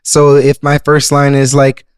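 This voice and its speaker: A man co-hosting a music podcast explains songwriting basics to beginners like a patient teacher. He talks casually, at a middle pitch. The sound is dry and close. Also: monotone, a little slow, smooth, no room sound. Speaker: podcast co-host. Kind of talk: casual chat about songwriting.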